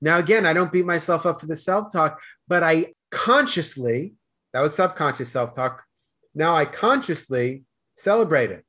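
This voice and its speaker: Fast-talking man with a Boston accent. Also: on the high side, lively intonation, sharp tone. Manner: fast-talking, stammering restarts, slurred words. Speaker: podcast guest. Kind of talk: casual conversation.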